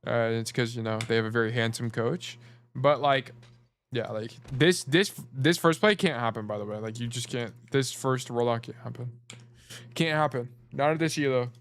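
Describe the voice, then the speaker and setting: A man's voice: medium pitch, moderate pace. Rambling, joking man coaching on stream. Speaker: game coach. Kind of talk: casual livestream coaching commentary.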